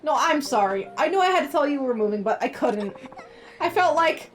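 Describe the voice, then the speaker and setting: A woman reading as a gentle, wistful young girl. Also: high-pitched, animated, fairly quick. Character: gentle sad young girl who is moving away.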